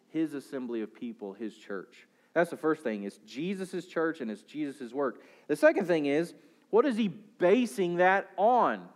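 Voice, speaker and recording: Pastor, male, mid-high register; preaches an explanatory sermon, varies pace and volume. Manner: explanatory preaching with rhetorical questions, pace and volume rising and falling.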